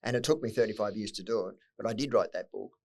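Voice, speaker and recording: A middle-aged Australian man with a fairly low voice, talking quickly and bluntly. He swears freely as he recounts hard memories, and emotion breaks through now and then. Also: creaky. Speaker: podcast guest. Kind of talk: candid personal storytelling.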